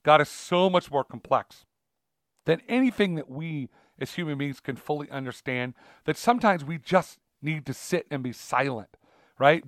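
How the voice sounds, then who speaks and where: A man co-hosts a casual conversation about faith, talking in loose, rambling runs full of fillers and restarts. His voice sits a bit high, and the close mic sounds dry with no room around it. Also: normal speed, no echo. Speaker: podcast co-host.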